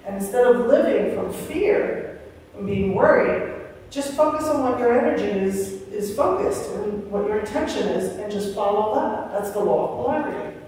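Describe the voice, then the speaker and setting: A woman's voice: mid-range voice, lively intonation, moderate pace, a little mellow, distant mic, slight background noise. Older woman giving a chatty spiritual talk in an echoey hall. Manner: chatty, rambling, acts out quoted voices. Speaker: guest speaker. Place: large hall of a spiritual center. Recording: echoey hall recorded from afar.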